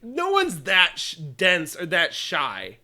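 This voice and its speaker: Young man, high-pitched, animated, casual anime review chat. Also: slow. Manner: animated, laughs often, acts out characters in exaggerated voices. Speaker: podcast co-host.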